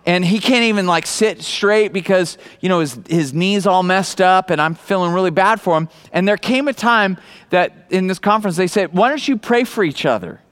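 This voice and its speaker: A male pastor in middle age delivers a sermon with a notably high-pitched voice. He tells his story earnestly, then climbs into loud, excited preaching. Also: normal speed, clean tone.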